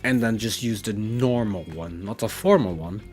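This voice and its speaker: A man's voice: fairly low pitch, normal speed, darkish tone, faint music behind. A man with a Dutch accent teaching his language on a casual livestream, rambling and correcting himself as he explains with examples.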